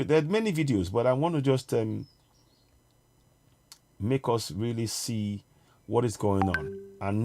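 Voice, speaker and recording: A man's voice: mid-range voice, darkish tone. Urgent man talking straight to viewers. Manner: urgent, repetitive, addresses viewers directly; pauses to fumble with on-screen media. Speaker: online show host. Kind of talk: livestream political commentary.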